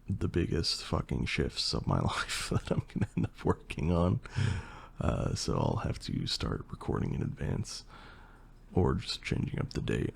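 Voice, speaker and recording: A young man with a hoarse, partly lost voice, chatting casually and rambling through a Q&A as an ASMR creator. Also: a bass voice. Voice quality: gravelly and husky. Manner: relaxed, rambling, with fillers and swearing. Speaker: ASMR creator answering questions. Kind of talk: casual Q&A chat.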